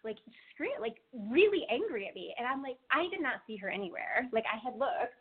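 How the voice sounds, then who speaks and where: A woman's voice: on the high side, sing-song, brisk, slightly rough. A woman co-hosting a casual chat, telling stories in a chatty way with lots of fillers. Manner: chatty storyteller, many fillers. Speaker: co-host. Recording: tinny phone-like line.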